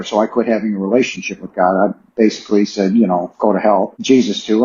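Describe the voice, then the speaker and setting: A man's voice: fairly low pitch, a little mellow. A middle-aged man telling a personal story as a podcast guest, earnest and emotional, repeating phrases for emphasis. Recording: roomy, slightly dull sound.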